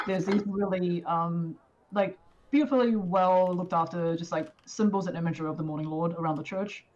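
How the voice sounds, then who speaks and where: Low-voiced woman running a game. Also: normal speed, a little mellow, slight background noise. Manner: casual, many fillers. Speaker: game master. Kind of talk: narrating a tabletop game. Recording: dull lo-fi audio.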